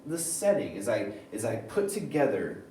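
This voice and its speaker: A male teacher giving a reading lesson, reading passages aloud and thinking out loud about them. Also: mid-range voice, normal speed, slight background noise. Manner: animated, switching between reading aloud and thinking aloud. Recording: roomy sound, mic at a distance, faint ambience.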